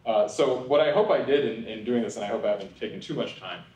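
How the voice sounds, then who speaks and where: A man's voice: mid-range voice, quick pace, darkish tone, muffled recording. A young man from New York giving a conversational public lecture, often asking "right?" and adding wry asides. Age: young adult. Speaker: public speaker. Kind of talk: lecture talk with humorous asides. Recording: echoey hall, voice from far off.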